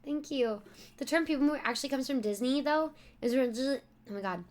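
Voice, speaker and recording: A woman's voice: high-pitched, quick pace. A young woman streaming live, laughing often as she exclaims and thanks her viewers.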